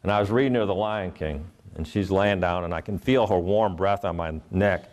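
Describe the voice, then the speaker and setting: Middle-aged male keynote speaker, low register, earnest storyteller who acts out the voices in his stories. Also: normal speed, darkish tone. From Ohio. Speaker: motivational speaker.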